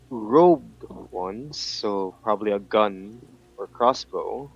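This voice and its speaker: A man's voice: fairly low pitch, takes it slowly, hardly any pauses, dull audio. A man playing a tabletop game, thinking aloud with trailing restarts. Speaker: player. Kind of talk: casual tabletop game play.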